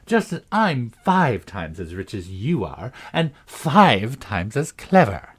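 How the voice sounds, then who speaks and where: A man's voice: mid-range voice, very animated, slow, husky, pitched above the performer's own voice, full character voice. A man voicing a stern, haughty queen who lectures imperiously, while reading a storybook aloud.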